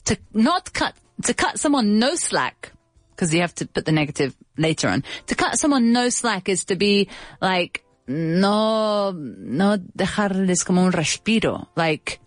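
A playful woman co-hosting a relaxed chat, her pitch leaping up and down as she teases her partner. The sound is close and dry, with faint music underneath. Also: a little slow, dry recording. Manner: playful, teasing, lively. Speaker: podcast co-host teaching English. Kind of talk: casual bilingual chat.

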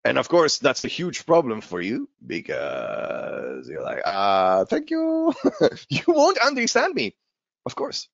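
A male English teacher talks through an informal lesson with a swooping, lively delivery. He repeats his key words and drops in the odd Spanish aside. The recording is dull and lo-fi, with a dry, close sound. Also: medium pitch, no echo.

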